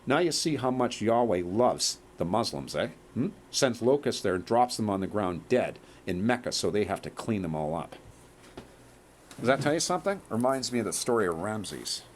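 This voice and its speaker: A man's voice: on the low side, sing-song, moderate pace, a little hiss or hum. A man in a rambling monologue to viewers, emphatic and checking in with "okay?" and "eh?". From Canada.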